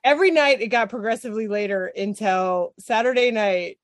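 A woman, a podcast guest, telling a story in casual chat. She is animated, swears freely and laughs often. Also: mid-range voice, fairly quick, dry recording, soft background music.

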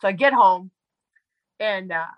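A woman's voice: mid-range voice, a little slow, dry recording, highs cut off. A woman guest telling a personal story in casual conversation, chatty and full of "like" and fillers. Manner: chatty, heavy use of "like" and fillers. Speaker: podcast guest; medical provider.

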